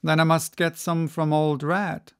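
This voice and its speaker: Calm defiant sailor read by an audiobook narrator, low and gravelly, unhurried. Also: no room sound, studio quality, lightly acted. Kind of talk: audiobook reading.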